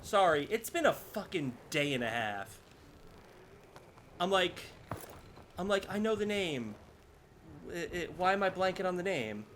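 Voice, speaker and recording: A man's voice: high voice, big pitch swings, measured pace, pauses often, a bit bright, slight background noise. A man streaming a game live, chatting casually and scattered with viewers, swearing now and then. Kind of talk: casual gameplay commentary. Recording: music playing behind.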